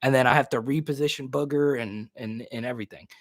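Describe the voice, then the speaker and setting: A man's voice: medium pitch, fairly even intonation, fast, no room sound, clean studio sound. A man hosting a casual live stream. He laughs often and repeats himself as he talks. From New Roads, Louisiana.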